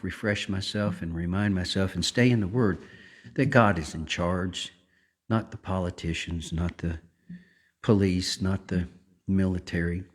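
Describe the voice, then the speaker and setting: A man hosting a weekly gospel livestream, talking softly and devotionally to viewers, with frequent filler words. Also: fairly low pitch. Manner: soft-spoken, unhurried, many filler words. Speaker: gospel singer and livestream host. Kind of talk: casual devotional talk. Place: home livestream.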